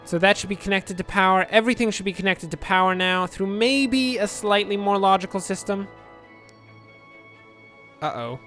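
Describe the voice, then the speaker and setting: Over a city-building game, a let's play commentator rambles casually, making dry jokes at his own expense. His high voice is pushed and bright at a normal speed, with faint music in the background.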